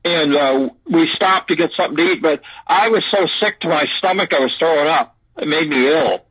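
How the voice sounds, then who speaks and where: An older man recounts his story from a phone line that sounds dull and lo-fi. His voice sits a little high for a man, and he stumbles, restarts and repeats words as he goes. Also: fairly bright tone, breathy edge. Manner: halting, repeats words, drawling. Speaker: guest recounting an encounter. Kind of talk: casual storytelling.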